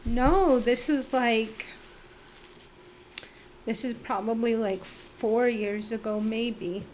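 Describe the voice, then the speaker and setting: A middle-aged woman recounting her own past as a podcast guest, with a voice pitched a little above the usual. She talks candidly and with feeling, leaning on "like" and an occasional blunt curse. A faint hiss of noise sits under her voice. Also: steady tone, slow pace, a little mellow. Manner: candid and emotional, with frequent "like" fillers and blunt swearing. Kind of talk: personal storytelling.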